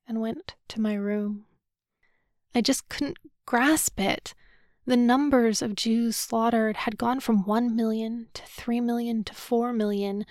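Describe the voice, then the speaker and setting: Gravelly, measured woman narrating a novel. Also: on the high side, a little mellow, no echo, clean studio sound. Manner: measured, subdued, solemn reading. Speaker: audiobook narrator. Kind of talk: first-person novel narration.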